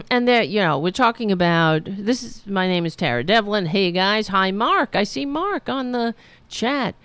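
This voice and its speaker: A woman's voice: medium pitch, expressive, measured pace, fairly bright tone, smooth, no echo. A woman hosting a political livestream, rambling casually with many fillers while losing her voice. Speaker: host of a political livestream show.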